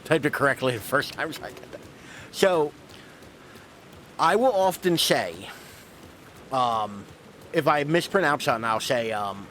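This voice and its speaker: This streamer has a medium-pitched, sharp voice with lively intonation, speaking unhurriedly and pausing often over slight background noise. He chats casually to viewers during a let's-play, rambling, putting himself down, and swearing offhandedly.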